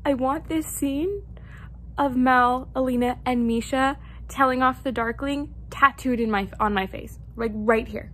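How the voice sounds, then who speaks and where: A young woman with a high voice gushes excitedly in a casual vlog. She often laughs between her sentences. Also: unhurried, pauses often, slight background noise. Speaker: book vlogger. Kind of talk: casual vlog book reaction.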